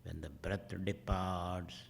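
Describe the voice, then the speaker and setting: A middle-aged man leads a guided meditation in a very low, gravelly voice. He speaks slowly and calmly, and his phrase endings often fade into a whisper. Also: a little hiss or hum. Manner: slow, measured, trailing into whispers at phrase ends. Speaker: meditation teacher.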